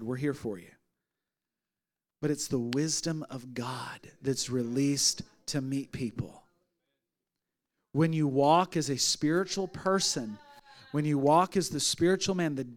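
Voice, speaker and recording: A man preaching from the pulpit with a notably high voice. He tells stories in an animated way, rising into loud, energetic bursts and then dropping to a hushed, close retelling. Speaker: pastor. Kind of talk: sermon with storytelling.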